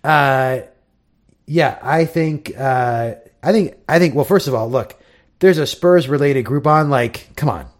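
A man's voice: mid-range voice, a little slow. A man co-hosting a casual podcast, easygoing and chatty with lots of fillers. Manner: easygoing, lively, filler-heavy. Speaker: podcast co-host.

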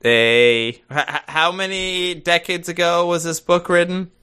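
A man's voice: sits high, steady tone, a little slow, pushed and bright, smooth. A man co-hosting a casual podcast, playful and stammering. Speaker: podcast co-host.

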